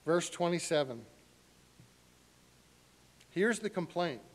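A middle-aged male pastor preaching a sermon in an animated way, acting out voices with sharp rises in pitch. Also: takes it slowly.

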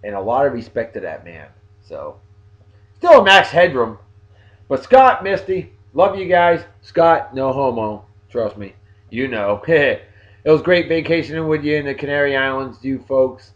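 A man's voice: mid-range voice, expressive, normal speed, dull audio. A man with a New England accent hosting a casual video blog, joking as he talks straight to his viewers. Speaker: vlog host giving shout-outs.

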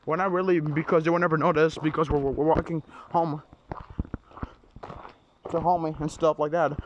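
A man's voice: fairly high pitch, flat delivery, normal speed, dull audio. A man casually talking to his viewers in a vlog, rambling and repeating himself, often stumbling over his words. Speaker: vlogger. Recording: noisy with dogs barking. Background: dogs barking.

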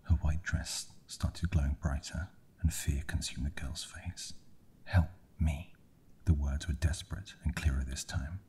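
A man whispering a bedtime horror story in a slow, hushed ASMR reading. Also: a bass voice, steady tone.

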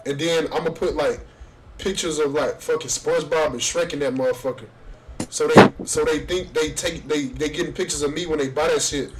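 A man's voice: on the high side, sing-song, brisk, very noisy. A young man hosting a casual street interview, talking loosely in slang and laughing often. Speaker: host asking strangers questions.

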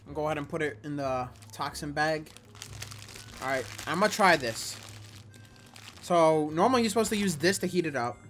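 A young man reviews food on his home vlog, talking casually with lots of slang and big, exaggerated reactions. His voice is fairly high and a bit bright, and he's recorded on a camera or phone at home with slight background noise.

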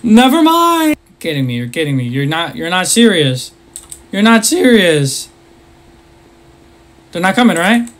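Gamer, horror let's-play, very animated delivery, slow pace, nervously laughing and easily startled. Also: medium pitch. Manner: jumpy, laughs nervously, frequent startled exclamations. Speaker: gamer playing a horror game.

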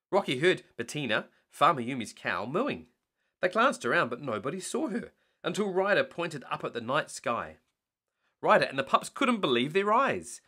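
A man reading a bedtime story aloud in an animated way. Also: mid-range voice.

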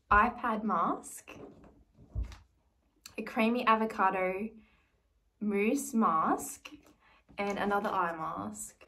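A young woman vlogging as she unboxes a gift, gushing and excitable, swinging between squeals and soft murmurs. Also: mid-range voice. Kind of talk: casual vlog, unboxing a gift. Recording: slightly distant mic with faint noise.

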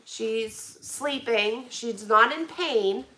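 Woman, Western Pennsylvania accent, bright gushing vlogger, unhurried, echoey home room. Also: on the high side. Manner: gushing, excitable. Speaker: vlogger opening donations. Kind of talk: casual live stream chat.

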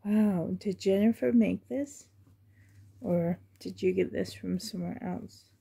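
A woman with a gravelly, husky voice talks slowly through an unboxing vlog. Her tone is dark and mellow, and she often slips into soft, fond half-whispers as she gushes. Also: medium pitch. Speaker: reborn doll collector.

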